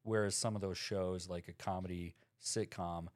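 Laid-back low-voiced man chatting. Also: fairly even intonation, moderate pace, dry recording, clean studio sound. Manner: laid-back, rambling with fillers. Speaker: podcast co-host, tattoo artist. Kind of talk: casual chat.

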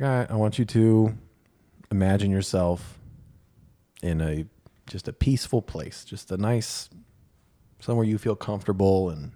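Man, low voice, casual podcast chat, candid, self-deprecating storyteller. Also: warm tone. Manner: candid, self-deprecating, quotes others in dialogue. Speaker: podcast co-host.

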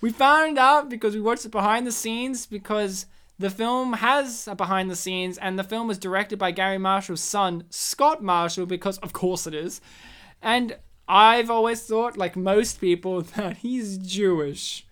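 A woman, co-hosting a podcast and telling a story in a lively, laughing way. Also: medium pitch, measured pace, clear, resonant tone. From Australia. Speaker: podcast co-host. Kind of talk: casual chat, storytelling.

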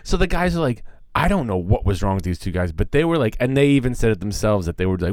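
A man's voice: mid-range voice, big pitch swings, brisk, dry recording, clean studio sound. A middle-aged man co-hosting a podcast, telling a story in a casual, profane way and acting out the people he quotes. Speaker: podcast co-host.

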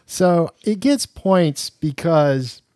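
A man's voice: fairly high pitch, lively intonation, very slow, darkish tone, dry recording, clean studio sound. A man co-hosting a podcast, chatting casually and joking about a film. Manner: joking, playful asides. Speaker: podcast co-host.

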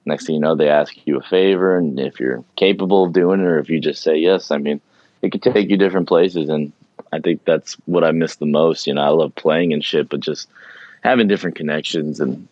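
A man's voice: rumbling low, brisk, a little mellow, no echo. A man guesting on a casual podcast chat as a touring drummer, laid-back and rambling, full of "you know" fillers. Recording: dull, lo-fi, dry sound.

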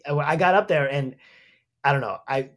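A man with a fairly high voice chats casually on a podcast as a comedian guest. He talks loudly and tells stories in loose, filler-heavy bursts. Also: moderate pace. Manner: loud, animated storytelling with many fillers.

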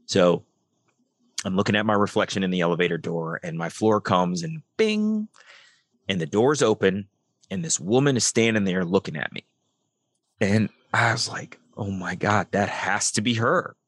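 Middle-aged male guest, low voice, dry close sound, animated storyteller who plays out each line of dialogue. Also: moderate pace, no room sound. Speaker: podcast guest. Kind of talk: storytelling interview.

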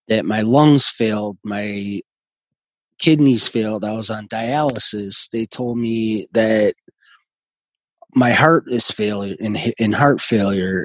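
A man in his forties, a guest telling his recovery story in a halting, earnest way with many restarts. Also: lowish voice, dry recording, low-quality recording. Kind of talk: personal recovery story in conversation.

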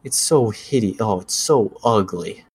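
A man's voice: fairly low pitch, animated, takes it slowly, husky. A young man chatting casually about movies, ranting and sarcastic.

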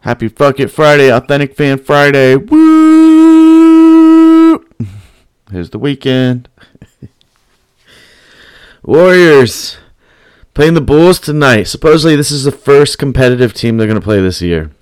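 A man's voice: mid-range voice, moderate pace, long pauses, clean tone, dry recording. A man hosting a podcast, telling a story in profane, rambling casual chat. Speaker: podcast host.

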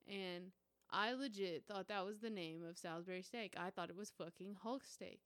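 A young woman from the United States hosting her own podcast, telling a story in a casual, profane, animated way. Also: medium pitch, clear, resonant tone, dry recording. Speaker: podcast host.

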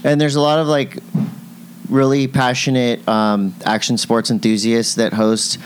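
A man's voice: mid-range voice, flat delivery, a little hiss or hum. A middle-aged man co-hosting a podcast, teasing his partner and reading ads in casual chat. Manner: jokey, teasing and quick-witted. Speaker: podcast co-host.

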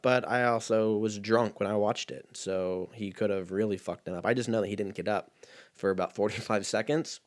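A man in his thirties hosting a casual solo podcast, rambling in a laid-back, profane way with lots of fillers. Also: lowish voice. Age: 30s.

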